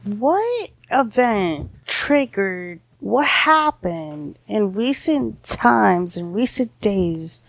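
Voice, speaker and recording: A woman hosting an advice show who speaks slowly and asks probing questions. Her voice has a gravelly fry to it. Her pitch rises and falls with lively inflection. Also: dry recording. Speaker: host.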